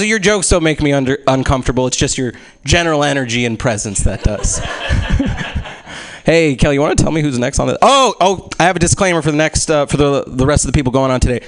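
A man emceeing a stand-up show, ribbing the previous comic before bringing up the next one. His voice is clear and smooth, pitched a little high for a man. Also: lively intonation. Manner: teasing, quick announcements. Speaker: show host. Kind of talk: emcee banter.

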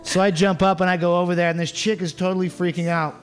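A man's voice: high voice, fast, clear, resonant tone. Profane man spinning a wild story. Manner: profane, animated anecdote teller. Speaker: radio show co-host. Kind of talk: casual chat, storytelling.

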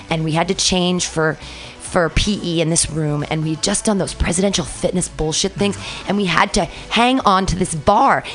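A woman comedian, a guest on a podcast, talking at length in an effusive, loud, storytelling way. Her voice sits a little low for a woman. Soft music plays faintly behind her. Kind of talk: casual podcast chat.

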